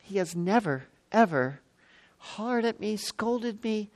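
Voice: mid-range voice, expressive, a little slow, no echo. A preacher in their sixties delivering a sermon, stressing and repeating key words with frequent exclamations. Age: 60s.

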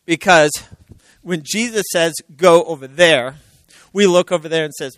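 Man, preacher, high voice, bright, loud to hushed, dramatic sermon delivery. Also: a little slow, no echo, low-quality recording. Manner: animated, swings from loud exclaiming to hushed near-whispers; acts out quoted voices, laughs between lines.

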